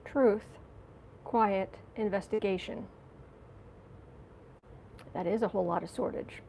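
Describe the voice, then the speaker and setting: A woman's voice: mid-range voice, slow pace, gravelly, mellow, slight background noise. A woman giving a casual tarot reading, chatty and giggly, talking to viewers and to herself. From United States. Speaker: tarot reader.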